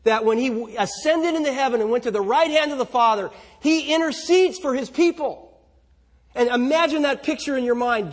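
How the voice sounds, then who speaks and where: Preacher, male, high husky voice, emphatic sermon delivery with rhetorical questions. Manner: emphatic, rhetorical questions, swings between loud and soft.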